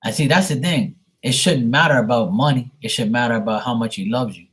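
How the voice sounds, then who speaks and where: A man's voice: medium pitch, fairly quick, fairly bright tone. A middle-aged man giving a live tarot reading, talking bluntly and swearing often as he rants. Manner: blunt, profane, ranting. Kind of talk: casual livestream talk.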